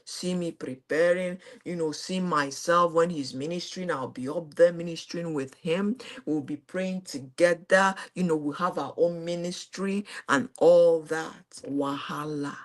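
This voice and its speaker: This Nigerian-accented middle-aged woman hosts, recounting something personal to a live crowd at a slightly slow pace with few pauses. High exclamations alternate with soft, low asides.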